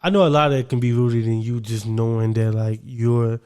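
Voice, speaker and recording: A young man with a drawl talks through a relaxed podcast conversation, lively and quick to laugh. He speaks at an ordinary middle pitch and keeps breaking into bits of his own inner self-talk. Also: smooth. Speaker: podcast co-host. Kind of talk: casual chat.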